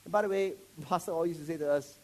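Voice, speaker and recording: Animated higher-voiced male preacher. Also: very fast. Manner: animated, joking, quizzes the audience. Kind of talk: sermon to a live congregation.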